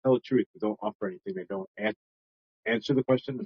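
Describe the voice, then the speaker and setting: A man co-hosting a casual book chat podcast, joking and rambling with big swings in pitch. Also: big pitch swings, fast, vocal fry, husky, dry recording. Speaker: podcast co-host. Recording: dull lo-fi home podcast audio.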